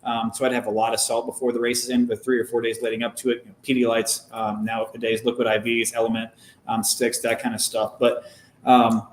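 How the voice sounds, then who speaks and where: Young male guest, ex-driver, measured and explanatory, roomy echo, mid pitch. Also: slight background noise. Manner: measured, explanatory, frequent "um" fillers. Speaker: guest, former race car driver. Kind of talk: casual conversational interview.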